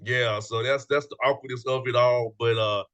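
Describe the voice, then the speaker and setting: A male show host chatting casually in a lively, joking way and laughing often. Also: mid-range voice, moderate pace. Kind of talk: casual chat.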